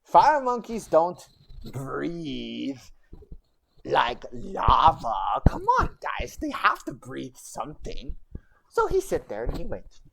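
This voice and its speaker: A woman's voice: extremely low pitch, huge pitch swings, slow, gravelly, a bit bright. A woman streamer telling a goblin legend in rambling, broken goblin-style grammar, with chatty asides. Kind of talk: casual livestream storytelling.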